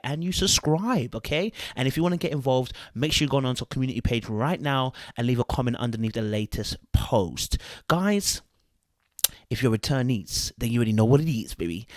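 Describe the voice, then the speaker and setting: A man, hosting a podcast and reading out fan comments in a chatty, animated way that often repeats itself. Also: medium pitch, dry recording, clean studio sound. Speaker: podcast host.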